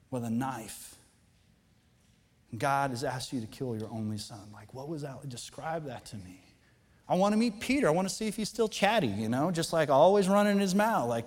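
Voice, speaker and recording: A man preaching a sermon as pastor, talking in a conversational, animated way that builds to impassioned emphasis. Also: on the high side, long reverb tail. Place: church auditorium.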